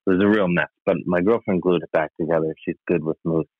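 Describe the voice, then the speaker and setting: A man's voice: low voice, steady tone, fast talker, no echo. A man telling a rambling, self-mocking story in a casual, dry comic way. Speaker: podcast guest storyteller. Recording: tinny phone-like line, dry.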